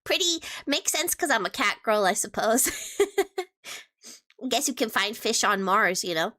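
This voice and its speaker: A woman's voice: medium pitch, unhurried, bright, forceful tone. A young woman streamer chatting casually with her viewers, playful and teasing as she answers questions.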